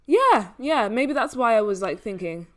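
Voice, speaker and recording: A woman's voice: fairly high pitch, big pitch swings, moderate pace. A woman co-hosting a casual movie review podcast, easygoing and hedging, with lots of fillers. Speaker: podcast co-host.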